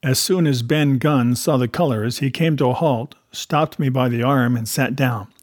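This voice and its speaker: A man reading an adventure novel aloud at a measured, steady pace. His voice is husky and mid-pitched. The recording is dry and close, with no room sound. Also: no echo. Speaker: audiobook narrator. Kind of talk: scripted narration of a classic novel.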